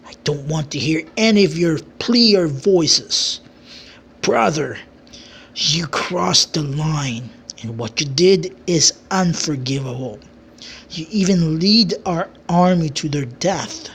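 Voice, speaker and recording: A narrator voicing a stern king who scolds and sentences his traitor brother in a homemade fantasy story, giving slow commands. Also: medium pitch, animated, a bit bright, slightly rough, exaggerated voice.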